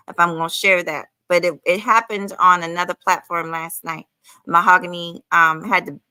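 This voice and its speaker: A woman's voice: lowish voice, pushed and bright, no echo, rough recording. A woman in her forties hosting a casual livestream commentary, chatty and calling her viewers honey. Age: 40s.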